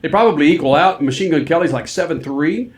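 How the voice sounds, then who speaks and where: A man hosting a sports talk show, joking and ranting about athletes in loud, excitable banter. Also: on the high side, fast. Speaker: sports radio host.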